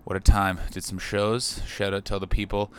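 A man hosting his own comedy podcast, rambling and joking, with loud bursts of excitement. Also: lowish voice, moderate pace, clean tone. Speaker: podcast host. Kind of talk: solo comedic podcast monologue.

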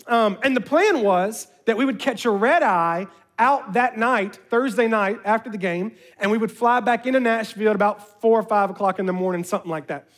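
High-voiced man telling a lively story. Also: a little fast, few pauses. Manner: lively, addresses listeners directly. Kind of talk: animated personal storytelling.

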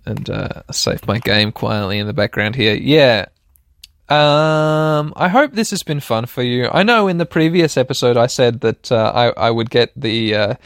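A man's voice: medium pitch, no echo. A man hosting a podcast while playing a video game, chatty and self-mocking, talking straight to his listeners and laughing often. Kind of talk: casual let's-play commentary.

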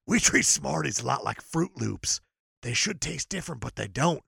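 A man with a mid-range, creaky, husky voice co-hosts a casual comedy podcast about movies, speaking at normal speed. He goes on animated, jokey rants laced with profanity. The sound is studio quality with no echo.

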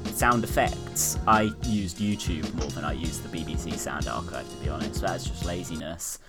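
A man co-hosting a podcast, explaining in a relaxed, matter-of-fact way how an audio drama was made. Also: deep voice, normal speed, over music. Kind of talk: casual chat.

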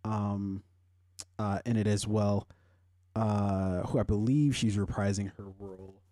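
A man talks through his own podcast in a loose, rambling way, swearing freely and leaning on fillers. His voice is mellow and warm, and it jumps sharply upward when he gets heated. The recording is dry and close. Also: fairly even intonation, unhurried, no echo. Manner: rambling, profane, heavy on fillers; pitch jumps high when worked up. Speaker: podcast host. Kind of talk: casual solo commentary.

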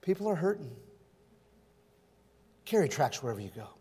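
High-voiced preaching man in a reverberant hall. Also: very animated, moderate pace, a little mellow, slightly rough. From California. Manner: folksy preaching with stories and rhetorical questions. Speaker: pastor. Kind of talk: sermon.

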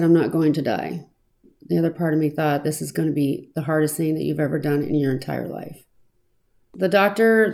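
Low, mellow-voiced woman telling her story. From Arizona, US. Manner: earnest, reflective, slightly halting with fillers. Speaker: storyteller recounting her own past. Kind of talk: personal testimony, reflective storytelling.

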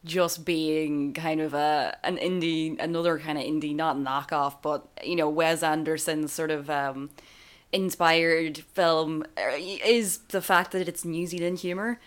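Woman, podcast co-host, lower pitch, casual, filler-heavy. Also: fairly even intonation, a little slow. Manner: chatty, laughs often, trails off with fillers. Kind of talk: casual film discussion.

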